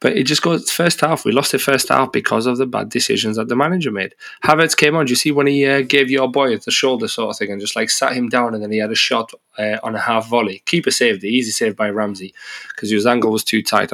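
A man's voice: medium pitch, vocal fry, a bit bright. A man co-hosting a casual sports podcast as a Chelsea fan, blunt and sweary in banter.

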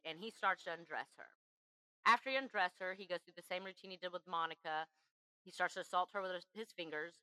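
A woman's voice: sharp tone, no room sound, poor audio. A woman hosting a podcast, earnestly telling a true crime story and acting out the quotes. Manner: earnest, acts out quotes with shifts in pitch. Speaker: podcast host.

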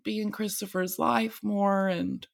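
A woman's voice: medium pitch, steady tone, measured pace, vocal fry. A young American woman talking on her vlog in a tired, rambling way, swearing freely. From United States. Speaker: vlogger. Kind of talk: candid confessional vlog.

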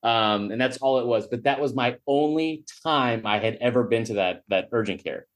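A man's voice: mid-range voice, moderate pace. A man, a podcast guest telling a long story in a rambling, self-mocking, profane way. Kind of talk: storytelling in casual chat.

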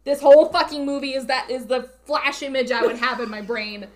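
A woman on a podcast casually recapping a movie, animated and swearing freely. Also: high voice, brisk. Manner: animated, profane storyteller. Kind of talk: casual chat.

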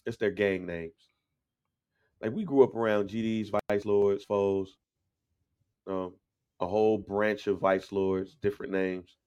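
A man co-hosting a podcast, telling stories in casual chat, animated, laughing often and mimicking voices. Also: lowish voice, measured pace, long pauses, clear, resonant tone, dull audio. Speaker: podcast co-host.

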